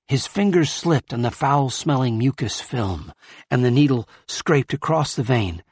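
A male audiobook narrator with a measured, grave delivery. His voice is slightly husky and he takes his time over every line. The recording is close and dry. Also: mid-range voice, animated, no room sound. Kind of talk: scripted narration.

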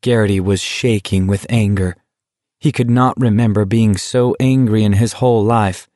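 A man reading a novel aloud in measured, even audiobook narration. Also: on the low side, dry recording, clean studio sound. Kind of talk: scripted narration.

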